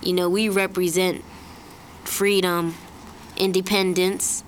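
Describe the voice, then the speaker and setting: A young woman in a casual group interview, a singer talking in a relaxed way with many fillers and laughs. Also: fairly low pitch, slow pace, a little hiss or hum.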